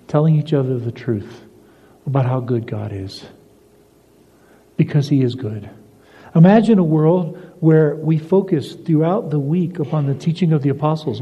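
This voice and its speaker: An older man preaching a sermon as pastor, telling stories and moving between emphatic lines and soft, confiding ones. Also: mid-range voice, husky. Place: church sanctuary. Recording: dull lo-fi recording in a reverberant church hall.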